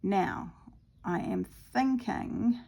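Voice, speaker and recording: Slow, gravelly woman chatting while crafting. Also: mid-range voice, mellow. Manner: chatty, talks to herself, laughs at her own mishaps. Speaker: craft vlogger. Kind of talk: casual talk-through while stitching.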